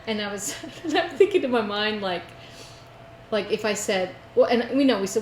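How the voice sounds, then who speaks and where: A woman co-hosting a casual craft chat show, telling an animated story. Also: medium pitch, moderate pace. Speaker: co-host. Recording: echoey room with faint noise.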